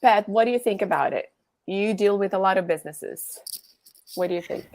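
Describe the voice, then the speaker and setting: A woman moderating a panel on a video call, encouraging and halting, with frequent restarts. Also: mid-range voice, darkish tone.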